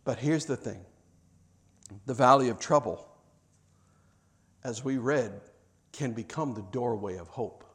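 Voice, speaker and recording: A man preaching a sermon, swinging from hushed, reflective stretches to loud, impassioned ones. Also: medium pitch, unhurried, pauses often.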